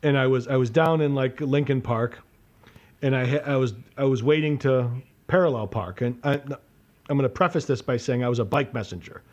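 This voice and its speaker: A man's voice: mid-range voice, brisk, muffled recording. A man in his forties tells a rambling story in casual podcast banter. He swears freely, acts out the voices in his story and breaks off sentences to restart them, speaking in an ordinary mid-range voice. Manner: profane, animated storyteller with self-interruptions. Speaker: podcast co-host. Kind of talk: casual storytelling among friends.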